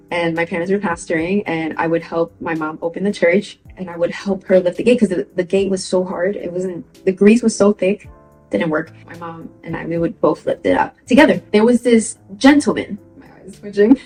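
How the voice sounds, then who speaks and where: A woman's voice: fairly low pitch, fairly quick, soft background music, poor audio. A young woman vlogger chatting casually as she tells a personal story, laughing often and acting out what people said. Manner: chatty and animated, laughs often, acts out quoted voices.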